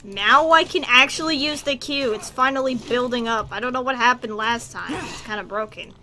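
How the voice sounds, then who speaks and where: A woman's voice: fairly high pitch, moderate pace. A woman hosting a game playthrough, chatting and giggling as she reacts aloud. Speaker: gaming channel host. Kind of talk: casual let's-play commentary.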